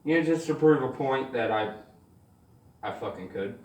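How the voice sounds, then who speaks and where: A man telling stand-up stories in an animated, swearing style, acting out the people in them. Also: medium pitch, moderate pace, reverberant, recorded from a distance. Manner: animated, swears freely, acts out voices. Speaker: stand-up comedian. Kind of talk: stand-up storytelling.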